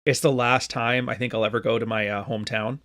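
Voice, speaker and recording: A man's voice: mid-range voice, little pitch movement, fast talker, fairly bright tone. A man in his late thirties from Canada, hosting a podcast in loose, joking chat with his live audience, swearing freely. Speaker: podcast host. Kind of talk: casual live-stream talk to a chat.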